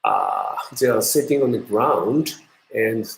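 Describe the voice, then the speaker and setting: A Japanese man with a Japanese accent, a non-native English speaker giving an online university lecture in a halting manner as he searches for words. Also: fairly low pitch, huge pitch swings, creaky. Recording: roomy echo.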